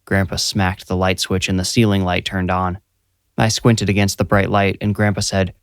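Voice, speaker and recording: A young man tells a scripted first-person horror story, steady and measured. His voice sits low, and the close studio mic gives it a dry sound with no room. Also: clean tone, dry recording. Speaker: narrator and writer.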